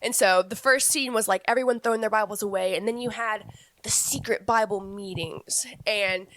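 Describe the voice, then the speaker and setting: A woman's voice: mid-range voice, moderate pace, fairly bright tone. A young woman in her twenties co-hosting a podcast, talking casually and frankly and laughing often. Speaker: podcast co-host.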